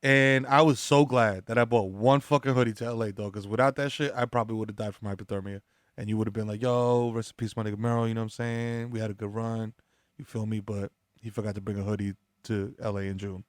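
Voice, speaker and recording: A man's voice: lowish voice, steady tone, fast talker, dry recording, clean studio sound. Laid-back New York man riffing. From the Bronx, New York. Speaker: podcast co-host. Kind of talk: casual comedic chat.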